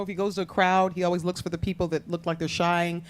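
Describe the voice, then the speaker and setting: A woman's voice: fairly low pitch, little pitch movement, fast. A middle-aged woman, a guest in an interview, telling stories about her father in a casual, laughing way. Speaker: interview guest, daughter of the film's subject.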